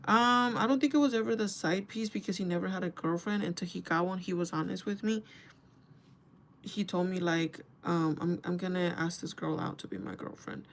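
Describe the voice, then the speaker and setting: A woman's voice: fairly low pitch, steady tone, normal speed, a little hiss or hum. A young woman in her twenties, chatting candidly and casually as she does her makeup, swearing freely. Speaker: beauty vlogger. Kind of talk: casual storytime chat while doing makeup.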